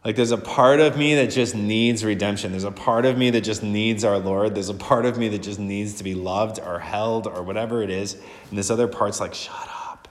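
Low-voiced priest preaching in an echoing church. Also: male voice, fairly even intonation, normal speed. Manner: earnest and conversational, repeats phrases for emphasis. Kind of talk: sermon.

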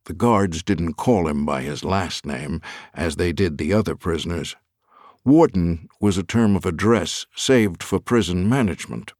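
A man narrating an audiobook thriller in an expressive, lively reading on a close studio mic. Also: deep voice, unhurried, dry recording.

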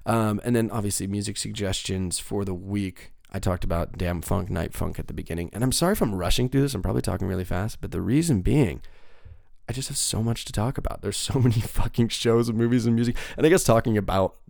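A man's voice: on the low side, fairly quick, gravelly, darkish tone, dry recording, studio quality. A young man hosting a solo podcast, rambling and swearing in an upbeat, casual way. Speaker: podcast host.

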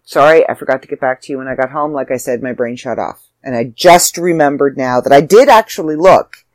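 A woman's voice: rumbling low, fairly quick, darkish tone, no echo. A woman, hosting her own podcast as an author, chatty and self-deprecating, sounding tired. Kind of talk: casual solo podcast chat.

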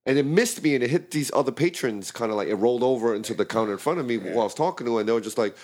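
A man casually telling a story about his bartending shift to friends, swearing a lot and acting out the shouting in the quotes. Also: medium pitch, racing. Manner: animated, profane, acts out shouting in quotes.

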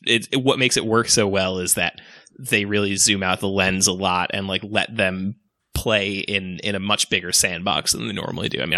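Bright-voiced man in casual chat. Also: lowish voice, no room sound. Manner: rambling, animated, often laughing. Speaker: podcast co-host.

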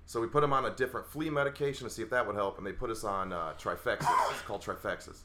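A man's voice: on the low side, fast talker, bright, forceful tone. A man from the Chicago area, guesting on a podcast and telling a story in casual chat. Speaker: guest co-host.

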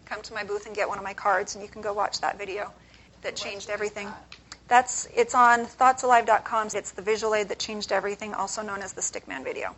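A woman's voice: medium pitch, steady tone, a little fast, a bit bright, poor audio. A woman speaking as an author at a conference, giving a conversational motivational talk and posing questions to the audience.

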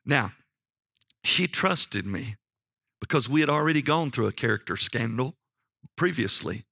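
Guy preaching and telling a story, gets animated, bright voice, dry close sound. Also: unhurried, vocal fry, breathy edge, dry recording. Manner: animated, jumps up in pitch for emphasis. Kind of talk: sermon with personal storytelling.

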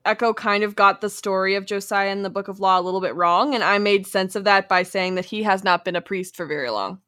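A woman's voice: medium pitch, fairly quick, bright, forceful tone. A woman podcast co-host in casual chat, thoughtful and agreeable.

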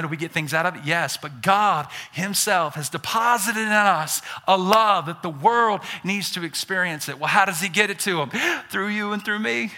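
A male pastor from Alabama with a Southern accent, preaching an energetic sermon that builds to shouts on key points. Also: a little high. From Birmingham, Alabama.

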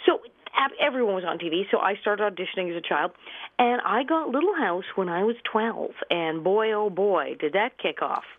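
A woman's voice: medium pitch, lively intonation, normal speed, slight background noise. A woman in her fifties, a guest actress and comedian, telling stories in a radio interview and laughing often. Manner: chatty storyteller, laughs often. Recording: phone-line call-in.

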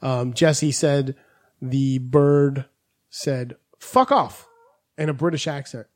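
A man with a middle-pitched voice hosts a loose podcast chat, swearing constantly as he rambles through stories. He sometimes breaks into squeaky high impressions, then drops back to his ordinary tone. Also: little pitch movement, slow, mellow. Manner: profane, rambling storyteller who slips into squeaky impressions. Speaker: podcast host. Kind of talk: casual podcast banter.

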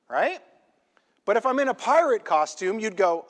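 A male pastor preaching a sermon in a church, emphatic and conversational, often checking in with a quick "right?". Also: sits high, lively intonation. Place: church sanctuary. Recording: long hall reverb in a church.

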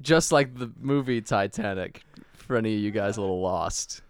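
A man's voice: lowish voice, normal speed, clear, resonant tone, no room sound. A man co-hosting a comedy podcast, throwing in wry questions and asides. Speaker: podcast co-host. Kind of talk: improvised comedy banter.

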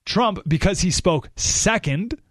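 Man, radio talk host, opinionated monologue, rhetorical questions, very lively pitch, dry studio mic. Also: moderate pace, no room sound. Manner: animated and emphatic, explaining with rhetorical questions.

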